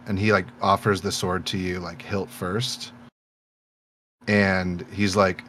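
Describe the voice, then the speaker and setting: A man's voice: deep voice, little pitch movement, slow, a bit bright, a little hiss or hum. A man playing a tabletop game, describing his character's actions in a rambling, casual way full of fillers. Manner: rambling, filler-heavy, laughing easily. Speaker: player.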